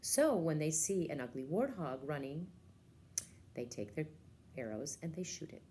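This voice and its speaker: A woman's voice: low-pitched, very animated, moderate pace, warm tone, slight background noise. A woman librarian giving a casual, enthusiastic book talk and retelling a story, with lots of ums and uhs.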